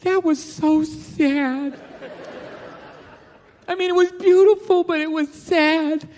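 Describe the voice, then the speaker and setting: A man voicing his sentimental wife, slow and wistful. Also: extremely high pitch, steady tone, darkish tone, some chatter behind, voice pushed up. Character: sentimental wife, soft and teary.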